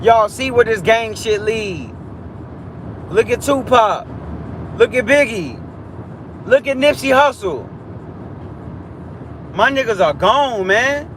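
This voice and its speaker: Young man, high voice, preachy live-stream rant, repetitive street talk, outdoors by traffic, clear background noise. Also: animated, slow pace, long pauses. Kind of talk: ranting live-stream monologue.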